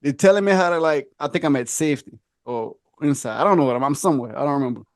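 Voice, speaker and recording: A man with a high-pitched voice chats on a podcast and tells a story, acting out the lines of other people as he goes. He laughs often, and the sound is dry and close with no room echo. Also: lively intonation, fast talker. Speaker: podcast co-host. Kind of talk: casual chat, storytelling.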